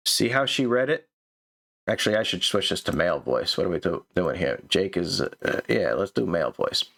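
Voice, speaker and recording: A man's voice: sits low, very animated, normal speed, creaky, a bit bright. A man hosting and critiquing a manuscript in casual, chatty commentary, often stammering and repeating words. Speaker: host reviewing a manuscript.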